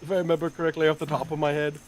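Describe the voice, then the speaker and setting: Young male co-streamer, rapid and slightly high, rambling quips, faint music behind. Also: flat delivery, a little hiss or hum, rough recording. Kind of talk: casual chat commentary.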